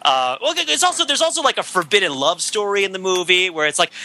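A man chatting casually about a movie, excitable and laughing, breaking into mock heavy-metal narration. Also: high-pitched, fast talker, few pauses, noisy background. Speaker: podcast panelist. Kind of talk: casual movie review chat.

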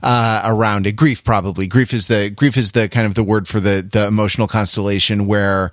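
A man's voice: on the low side, steady tone, fairly quick, no room sound, clean studio sound. A man co-hosting a casual chat, rambling with many restarts and fillers. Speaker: podcast co-host.

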